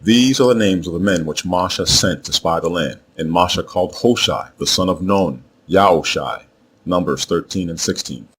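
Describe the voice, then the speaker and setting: A man with a very low voice delivers a scripted religious lesson at a measured pace, pausing to spell out words letter by letter. Faint noise hums under his voice throughout. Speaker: religious teacher. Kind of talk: scripted explanatory narration.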